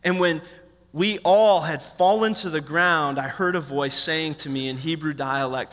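Preacher guy, high bright voice, lively sermon storytelling, big echoey church. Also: normal speed. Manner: animated storytelling preacher, quizzing the children. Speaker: pastor. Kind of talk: sermon to a congregation. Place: church sanctuary. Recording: long hall reverb.

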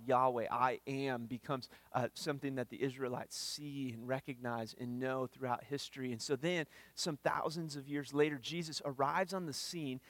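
A man's voice: medium pitch, dry recording. Guy preaching, earnest, kinda stumbly on words, dry close sound. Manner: earnest, repeats words when starting phrases. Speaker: pastor. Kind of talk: sermon. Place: church.

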